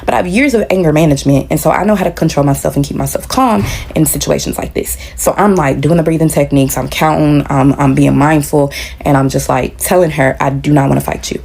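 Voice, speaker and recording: A woman's voice: low-pitched, fairly quick, creaky, darkish tone. A woman telling a story in a casual storytime style, retelling it with animation and acting out the quoted dialogue.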